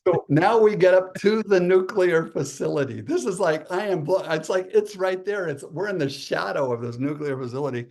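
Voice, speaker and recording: Guy on a podcast telling a wild story, excitable, does little voices for everyone. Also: high voice, normal speed, hardly any pauses. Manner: excitable, acts out voices in his anecdotes. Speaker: guest speaker. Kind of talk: animated storytelling.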